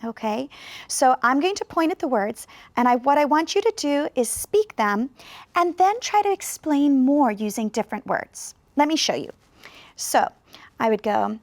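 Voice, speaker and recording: High-voiced woman teaching a clear lesson. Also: lively intonation, no echo. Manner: slow, clear, encouraging teacher talk. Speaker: ESL teacher. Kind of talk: video lesson to learners.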